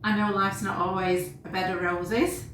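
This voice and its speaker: A woman in her sixties, a mother, giving a warm, earnest birthday message to her daughter. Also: medium pitch, little pitch movement, normal speed. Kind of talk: heartfelt birthday video message. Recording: very echoey room, faint background noise.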